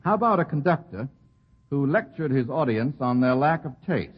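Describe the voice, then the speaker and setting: A man with a husky, slightly breathy voice runs a 1940s radio quiz, firing questions at his panel in a brisk, amused way. The sound is lo-fi and muffled, like an old broadcast recording. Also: medium pitch, animated. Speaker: quiz show moderator.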